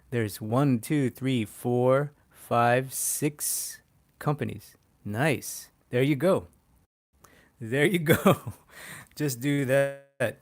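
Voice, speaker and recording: Male art instructor on a livestream, mid pitch, excitable and profane. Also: very slow, long pauses. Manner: excitable, swears casually, laughs often. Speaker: poster artist teaching a livestream. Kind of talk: casual livestream tutorial.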